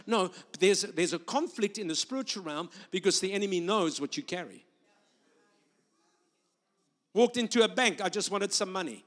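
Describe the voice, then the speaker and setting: High-voiced male preacher in a reverberant hall. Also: animated, fast talker, few pauses. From South Africa or Australia. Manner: storytelling, rising to loud proclamation. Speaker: guest preacher. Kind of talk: sermon with prophetic ministry. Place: church sanctuary. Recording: long reverb of a large hall.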